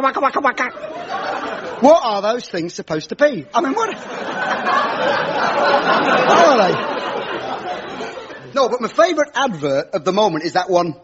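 A man's voice: high voice, heavy background noise, pitched above the performer's own voice. A man playing a cheesy clairvoyant comic host, cracking gags in brash patter. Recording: lo-fi recording with loud audience laughter.

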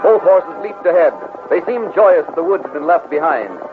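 A man's voice: a little high, lively intonation, moderate pace, narrow, tinny audio. A man giving vivid, dramatic scripted narration in a vintage radio drama. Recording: old radio broadcast with music. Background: music.

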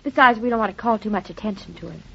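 An actress playing an excitable, sweet young wife with a girlish, gushing manner, in 1940s radio acting on a dull old radio recording. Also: mid-range voice, very fast, gravelly, husky.

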